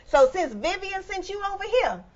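An actress playing an angry, foul-mouthed woman who yells threats at visitors on her porch. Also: very high-pitched, big pitch swings, moderate pace. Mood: furious. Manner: loud cursing and threats. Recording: dull lo-fi film audio.

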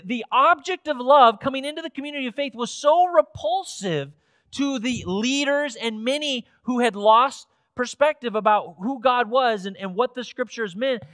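A man's voice: extremely high pitch, a bit bright, no echo. A man preaching a sermon in a church, earnest and emphatic, often restarting phrases before building to strong peaks. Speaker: pastor. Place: church sanctuary.

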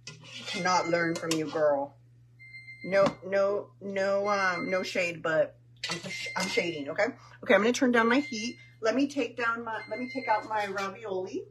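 A woman's voice: medium pitch, moderate pace, noisy background. Chatty woman cooking at home. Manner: chatty, joking, sprinkles in Spanish words. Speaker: home cook streaming a cooking video. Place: home kitchen.

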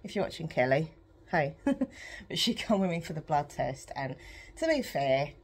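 A woman's voice: deep voice, expressive, normal speed, slightly rough. A woman chatting candidly to camera at home while pedalling an exercise bike, rambling and emotional with frequent laughs. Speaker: vlogger. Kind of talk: rambling personal chat to camera.

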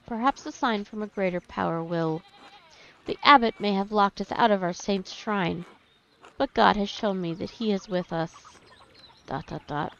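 A woman's voice: mid-range voice, slight background noise, lightly acted. A woman voicing a fiery male village agitator, reading his impassioned speech in a game playthrough. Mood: solemn. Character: fiery male village rabble-rouser, middle-aged. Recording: dull lo-fi stream audio.

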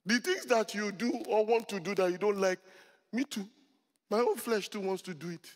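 A middle-aged man, a pastor, preaching a sermon to a congregation, telling stories with humor and rising to loud emphatic peaks. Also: high-pitched, normal speed. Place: church hall before a congregation. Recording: long hall reverb.

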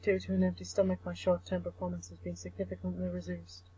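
A man voicing a tired, hungry senior schoolgirl who sounds a bit like a robot, in a soft, put-on southern drawl. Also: high voice, completely flat delivery, fast, slightly rough, pitched above the performer's own voice, rough recording. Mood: flat.

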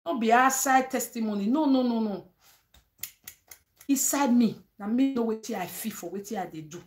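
This woman's voice is fairly high and moves at normal speed as she, a Nigerian-accented vlogger, gives advice directly to viewers. Preachy and emphatic, she switches between Pidgin and English and often adds "eh?" looking for agreement.

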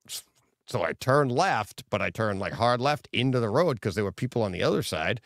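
A middle-aged man co-hosting a casual podcast, telling stories with animated quoted voices and laughter. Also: fairly low pitch, brisk, creaky, dry recording, clean studio sound. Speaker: co-host.

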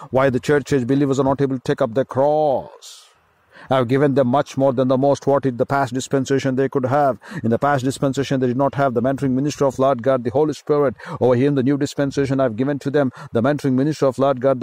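A man with an Indian English accent delivers a sermon, building slow, emphatic lines out of repeated phrases. His voice sits at an ordinary middle pitch, and the recording is dry and close, with little room sound. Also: a little mellow, no room sound. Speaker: pastor.

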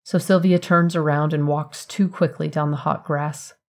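A woman with a low voice reads a short story aloud. Her delivery is even and measured, a scripted narration with clean pacing.

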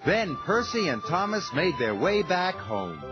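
A man narrating a children's story in a slow, gentle and expressive scripted style. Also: high-pitched. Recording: slightly dull TV audio. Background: music.

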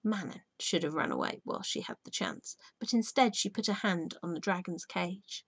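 Woman teacher reading a storybook aloud, soft and hushed, dry close sound. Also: on the low side, moderate pace, husky, dry recording. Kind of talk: reading a children's book aloud.

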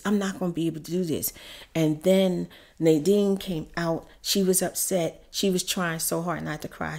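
A woman's voice: deep voice, a little mellow. A woman heatedly telling viewers a personal storytime, repeating herself. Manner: heated, repetitive, addresses viewers as y'all. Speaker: YouTube storyteller. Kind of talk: emotional storytime.

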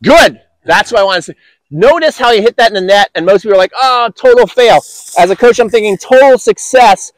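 A man's voice: high voice, expressive, fast talker. A man coaching tennis on an outdoor court, upbeat and encouraging with enthusiastic praise.

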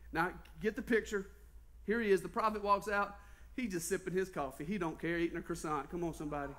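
A male pastor with a Southern US accent preaches a sermon in a high-pitched voice at a quick pace. He tells stories with animation and keeps quizzing the congregation with questions.

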